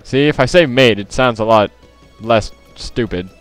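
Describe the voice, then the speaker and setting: A young man talks casually over his gameplay, chatty and muttering at the game as he goes. His voice is smooth and clear, sitting at an ordinary pitch. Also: normal speed, soft background music. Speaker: let's play host. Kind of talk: casual let's play commentary.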